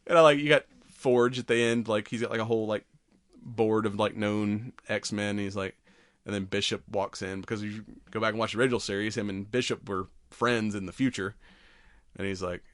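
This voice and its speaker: A man's voice: on the low side, fairly quick, no room sound, clean studio sound. A man hosting a podcast, animatedly retelling a story with plenty of swearing. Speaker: podcast host. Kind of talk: casual chat.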